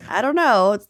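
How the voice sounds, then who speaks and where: A woman co-hosting a podcast in casual chat, playful with dry quips and frequent laughs. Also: on the high side. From Minnesota. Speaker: podcast co-host.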